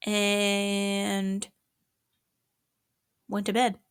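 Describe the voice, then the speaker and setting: A woman's voice: medium pitch, drawn-out words, smooth, dry recording, clean studio sound. A young woman chatting casually in a rambling vlog about her day, sometimes dropping to a whisper. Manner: rambling, animated, swings into whispers. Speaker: vlogger. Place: small apartment at night.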